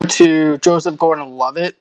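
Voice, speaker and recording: A man hosting a movie review podcast, relaxed and laughing often as he recaps the plot. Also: fairly high pitch, measured pace, a little hiss or hum, rough recording. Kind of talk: casual chat.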